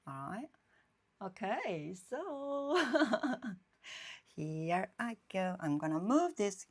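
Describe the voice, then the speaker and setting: Slow, halting woman painting live. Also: on the low side, darkish tone. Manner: halting, thinks aloud, often checks in with viewers. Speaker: painter hosting a live stream. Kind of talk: casual live-stream chat while painting. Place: home painting room. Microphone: phone streaming live.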